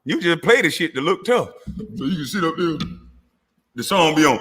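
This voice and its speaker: Speaking briskly in a mid-range voice, a middle-aged man from Georgia, USA, rants angrily to the camera on his own channel. He's profane, mocking and confrontational, breaking into laughs and shouts.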